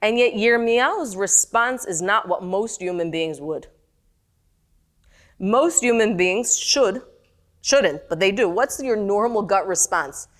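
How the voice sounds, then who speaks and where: A middle-aged woman teaching a text-study class, animated and questioning her students. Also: mid-range voice, takes it slowly.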